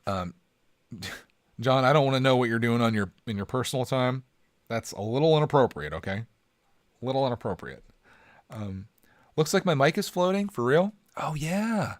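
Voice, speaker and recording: A man's voice: medium pitch, expressive, moderate pace, pauses often, dry recording. A man hosting a casual live stream from home, joking around and chatting with his viewers.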